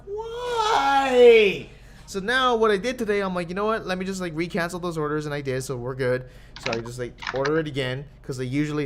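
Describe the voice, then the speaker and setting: A man's voice: on the high side, slight background noise. A man co-hosting a podcast, ranting in a heated, profane way. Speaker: podcast co-host. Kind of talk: casual chat.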